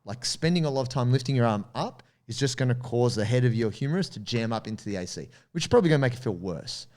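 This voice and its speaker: A man's voice: mid-range voice, expressive, fast talker, darkish tone. An Australian man co-hosts a casual podcast and walks listeners through advice step by step like a coach. He speaks straight to the audience in an explanatory way. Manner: addresses listeners directly. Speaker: podcast co-host. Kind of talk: casual podcast chat giving training advice.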